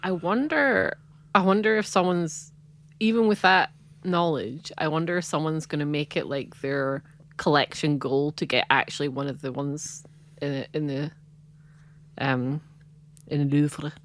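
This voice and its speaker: A woman with a notably low voice co-hosts a podcast in relaxed chat. She talks in an animated way and laughs often. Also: unhurried. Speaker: podcast co-host. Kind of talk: casual chat.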